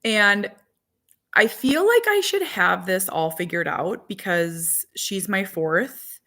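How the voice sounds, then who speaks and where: A woman's voice: mid-range voice, lively intonation, takes it slowly, sharp tone. A woman in her forties chatting casually to viewers as a vlogger and mother of four, rambling with lots of "like". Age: 40s. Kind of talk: casual chat to live viewers.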